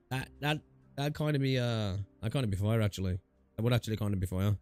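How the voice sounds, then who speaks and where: A man's voice: fairly low pitch, animated, fast, a little mellow, dry recording, faint music behind. A man streaming a game, chatting casually between lines with joking asides. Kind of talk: casual gaming stream chat.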